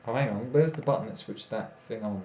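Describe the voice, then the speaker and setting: Tired guy rambling to his stream chat, mellow voice, echoey dull lo-fi room. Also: mid-range voice, brisk. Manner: rambling, self-interrupting, chats with viewers. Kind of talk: casual live-stream chat. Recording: echoey room, dull lo-fi sound, faint noise.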